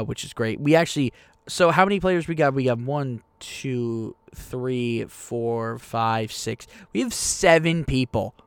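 A young man hosting a podcast about the tabletop game he runs, talking in a rambling, excitable, self-deprecating way. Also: mid-range voice, dry recording. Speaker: podcast host and game master. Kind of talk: casual podcast chat.

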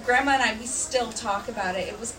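A young woman, a podcast guest, telling stories in a casual, animated way with many "um"s and "like"s. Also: fairly high pitch, fast talker. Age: young adult. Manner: animated storytelling, filler "um" and "like". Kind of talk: casual chat. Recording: distant mic, faint background noise.

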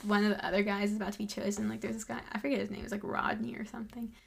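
A woman's voice: medium pitch, flat delivery, very fast, gravelly, husky. A young woman co-hosting a podcast, casually recapping a book and peppering her talk with "like". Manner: chatty, heavy use of "like", recapping a book. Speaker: podcast co-host. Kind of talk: casual chat.

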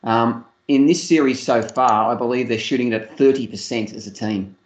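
A man co-hosting a casual sports chat, relaxed and unhurried, with frequent hesitations and dry humour. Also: mid-range voice. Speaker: podcast co-host. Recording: roomy, muffled lo-fi audio.

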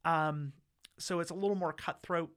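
A man with a fairly high, bright voice tells stories in a relaxed interview. His voice is smooth and crisp. He talks chattily, stops and restarts, and slips into short acted-out quotes. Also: moderate pace. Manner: chatty, acts out quotes, many fillers and restarts. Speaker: interview guest recounting law school. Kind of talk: casual storytelling.

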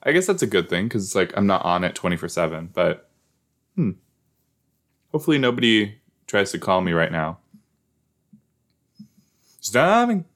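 A man's voice: low-pitched, big pitch swings, fairly quick, fairly bright tone. A man casually commenting while watching a show, rambling and joking, sometimes repeating lines in silly voices. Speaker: podcast host watching a show. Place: at a table indoors.

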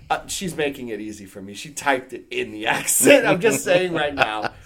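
A man's voice: medium pitch, normal speed, gravelly, few pauses. A man co-hosting a podcast, reading a review aloud in casual chat and apologizing for his pronunciations. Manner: animated, apologetic about pronunciations. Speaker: podcast co-host.

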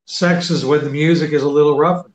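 A man's voice: a little high, steady tone, fast, muffled recording. Playful man on echoey radio. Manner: playful, teasing, flirtatious. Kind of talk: casual radio talk show chat. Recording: roomy echoey studio sound.

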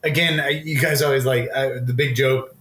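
A man's voice: medium pitch, fairly even intonation, normal speed, fairly bright tone, reverberant. A man co-hosting a podcast in casual chat, loose and enthusiastic, giggling a little as he talks. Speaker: podcast co-host.

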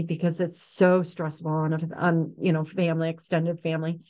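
A woman's voice: low-pitched, moderate pace, hardly any pauses. A woman in her forties, a neonatal nurse practitioner, telling stories frankly in a casual interview and acting out what people said. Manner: frank, animated, acts out quotes, many fillers. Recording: dull lo-fi sound.

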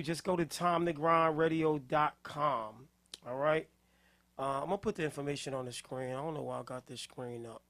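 A man hosting a music-review show in casual live-stream talk, laughing constantly, shouting "hey, yo" and repeating himself. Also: on the high side. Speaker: podcast host reviewing music.

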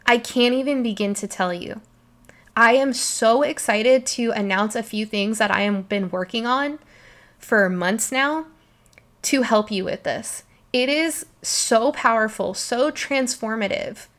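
Her voice is a little high and fairly bright, her pace a little slow, as a young woman runs her solo podcast with passion. She speaks emphatically and emotionally and doesn't hold back on swearing.

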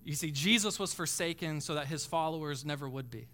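Male pastor, fervent sermon delivery, high and bright. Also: fairly quick, faint music behind. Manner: preaching with dramatic swells from hushed to shouting.

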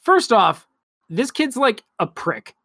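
A man's voice: very high voice, very animated, vocal fry, bright, forceful tone, no echo, clean studio sound. A man casually recapping an anime episode as a podcast co-host, rambling and swearing freely. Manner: rambling, profane, quick laughs.

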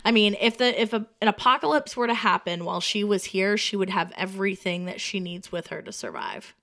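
A woman co-hosting a podcast, chatting casually in a relaxed, teasing way and swearing now and then. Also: mid-range voice, brisk. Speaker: podcast co-host. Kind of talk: casual chat.

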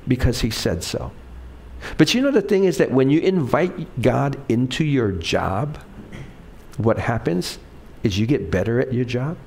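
A man's voice: medium pitch, expressive, measured pace, gravelly, a little mellow. A middle-aged male pastor giving a conversational sermon, asking the congregation questions and acting out quoted lines in different voices.

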